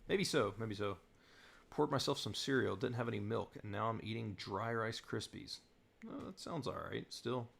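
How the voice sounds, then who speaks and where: A young man from southern Virginia chats loosely on a live stream, with a low voice that has a gravelly, creaky edge. He rambles through comments with plenty of fillers and restarts, talking into a desk mic. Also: normal speed, a bit bright. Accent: General American with slight Southern Virginia tinge. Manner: rambling, many fillers, reads chat aloud. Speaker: YouTube host answering live chat. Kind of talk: casual live-stream chat.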